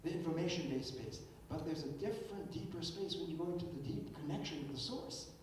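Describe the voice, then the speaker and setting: An older man gives an emphatic philosophical keynote lecture, often repeating words as he restarts a thought. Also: brisk. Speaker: keynote speaker. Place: lecture hall. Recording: echoey hall, distant mic, faint rumble.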